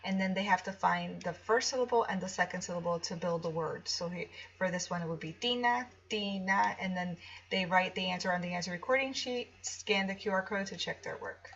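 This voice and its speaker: A woman teacher-author shows off a product in a casual screen walkthrough, chatting through classroom activities in an explanatory way with frequent ums and restarts. Her voice is lowish, steady, brisk and a bit bright, and the recording sounds muffled.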